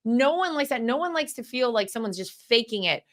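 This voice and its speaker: A woman's voice: a little high, animated, brisk. Confident woman guest in a political interview. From North Carolina. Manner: confident, emphatic.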